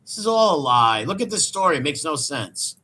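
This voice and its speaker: A man's voice: a little high, sing-song, fairly quick, pushed and bright, slightly rough. A man giving scornful, dismissive reaction commentary over a video.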